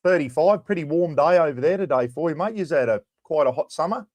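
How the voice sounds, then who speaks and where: A man's voice: a little high, lively intonation, quick pace, darkish tone, no room sound. A middle-aged Australian man hosting a casual livestream chat. He greets viewers by name and drops in casual swearing. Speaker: livestream host.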